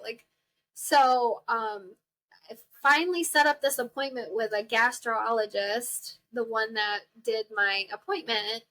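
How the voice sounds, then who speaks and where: A young woman hosting a podcast, telling a personal story in a chatty, animated way, acting out the people she quotes and laughing often. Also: on the high side, unhurried, poor audio. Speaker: podcast host. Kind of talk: casual storytelling monologue.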